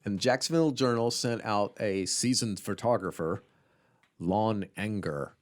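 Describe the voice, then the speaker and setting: Casual male podcast storyteller, low voice, reads quotes from notes. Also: a little slow. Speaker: podcast co-host telling the story.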